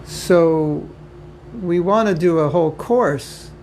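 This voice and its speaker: An American man with a fairly high, slightly mellow voice takes things slowly as he gives an informal spiritual class to devotees. His talk is conversational, peppered with jokes and frequent repetition. The low-quality recording has a little hiss or hum and faint ambience from a home or temple room.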